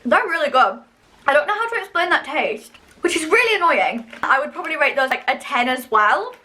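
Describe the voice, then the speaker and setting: Reviewing snacks on her vlog, a young woman from the UK speaks casually and with excitement, using lots of fillers. Her high voice is very animated and fairly quick, with a bright, forceful tone.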